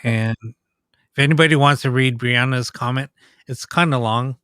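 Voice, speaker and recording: A man's voice: mid-range voice, moderate pace, smooth, no room sound. Laid-back man with a dry close sound. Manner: relaxed, hesitant, many ums. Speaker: podcast co-host. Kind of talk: casual live podcast chat.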